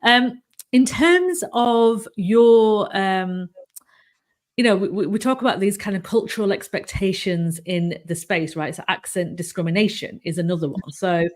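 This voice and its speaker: A woman's voice: lowish voice, fairly even intonation, moderate pace. A woman from Manchester with a mild northern English accent, hosting a casual interview over a video call and chatting loosely with many fillers. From England, Manchester. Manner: chatty, lots of fillers like "you know". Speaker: host.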